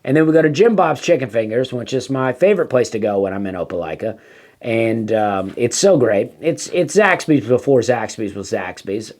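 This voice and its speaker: In a mid-range, darkish voice with lively intonation and normal speed, a stand-up comedian rambles through a comic tale. It's full of fillers and trains of thought that trail off.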